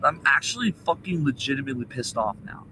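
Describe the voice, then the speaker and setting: A man's voice: mid-range voice, lively intonation, quick pace, sharp tone, a little hiss or hum, low-quality recording. A young man ranting profanely into a laptop webcam during a rambling livestream, agitated and cursing. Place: indoors at a laptop. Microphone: laptop webcam mic.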